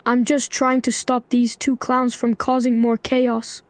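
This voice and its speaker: A synthetic female voice reading the lines of a stern young man who lectures in an even tone. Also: a little high, unhurried, dry recording, lightly acted.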